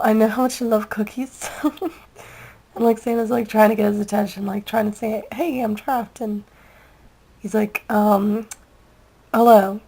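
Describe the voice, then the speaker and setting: A woman's voice: mid-range voice, vocal fry, a little mellow, low-quality recording. A young woman in casual chat, reviewing a video with a giggly, rambling, gushing manner.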